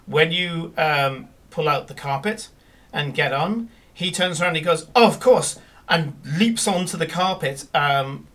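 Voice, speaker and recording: A man's voice: a little high, fairly bright tone, distant mic. A man running a tabletop game as game master, narrating scenes with many fillers and restarts.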